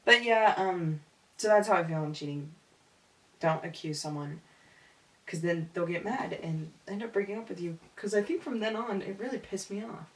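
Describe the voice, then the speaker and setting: Young female co-host, slang-heavy and giggly, low voice, distant roomy mic. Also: normal speed. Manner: laughs often, slangy and candid. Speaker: podcast co-host. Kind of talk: casual chat. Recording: echoey room, far from mic.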